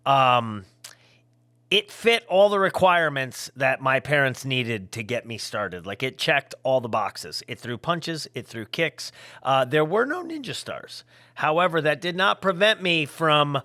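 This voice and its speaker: Middle-aged guy rambling to his viewers, bright edgy voice, slow drawl, dry close sound. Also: mid-range voice, no room sound. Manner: loose, rambling, jokey, swings into loud yelling. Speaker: former pro wrestler vlogger. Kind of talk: casual vlog talk to viewers.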